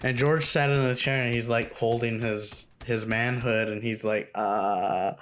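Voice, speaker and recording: A man's voice: mid-range voice, steady tone, measured pace, slight background noise. A young man telling a story from his school days in a casual, rambling, profane way, full of fillers like "like". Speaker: storytime vlogger.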